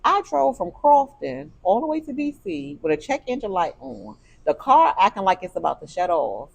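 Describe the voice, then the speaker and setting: Lively expressive woman telling a story. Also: fairly high pitch, moderate pace, gravelly, breathy edge. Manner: animated storytelling, turns emotional. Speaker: podcast co-host. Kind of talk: casual chat.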